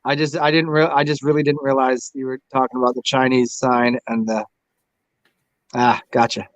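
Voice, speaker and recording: A man's voice: medium pitch, little pitch movement, brisk, no room sound. An American man hosting a casual tarot livestream, rambling and crude, taunting the people who join. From United States. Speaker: livestream host reading tarot.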